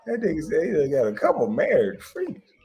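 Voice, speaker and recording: Laughing, loud-talking man telling stories. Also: a little high, huge pitch swings, fairly quick. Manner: loud, laughing, swearing storyteller. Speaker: show host. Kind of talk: casual storytelling chat.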